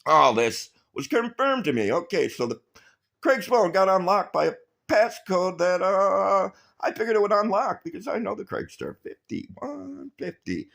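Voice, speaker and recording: A man's voice: high voice, normal speed, creaky. A man telling a long, rambling story to his viewers, swearing constantly and mocking the people he quotes. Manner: profane, rambling, animated storytelling; quotes others in mocking voices. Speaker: vlogger. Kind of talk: rambling profane monologue.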